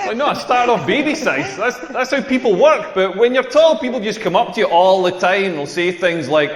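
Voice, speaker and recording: A Scottish man doing a stand-up comedy routine on a club stage, with a sardonic, crude delivery and deadpan punchlines. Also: high-pitched, normal speed. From Scotland. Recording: roomy hall with long reverb.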